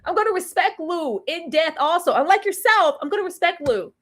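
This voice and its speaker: A woman's voice: extremely high pitch, animated, brisk, a bit bright, voice pushed up. A woman acting out a firm, no-nonsense male therapist who scolds a client.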